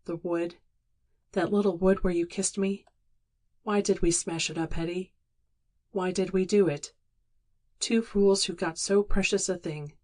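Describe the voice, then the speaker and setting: A woman's voice: lowish voice, a little mellow, close to an everyday voice. A woman reading the lines of a remorseful man in an audiobook, earnest and pleading.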